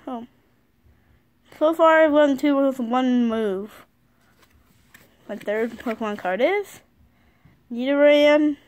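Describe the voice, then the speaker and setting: A school-age girl vlogging casually from her bed, excitable, reading card names aloud and often apologizing. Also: sits high. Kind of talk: casual card-opening vlog. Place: sitting on her bed at home.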